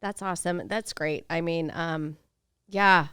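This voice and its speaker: A woman's voice: on the low side, fairly even intonation, measured pace, bright, forceful tone, smooth, no room sound, studio quality. A woman hosting an interview podcast, listening with encouragement and asking follow-up questions. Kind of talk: conversational interview.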